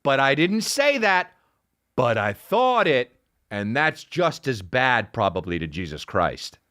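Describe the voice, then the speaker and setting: A man's voice: medium pitch, sing-song, slow pace, a bit bright. A man and podcast host telling a funny story with lots of swearing, acting out the people in it. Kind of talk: comic storytelling.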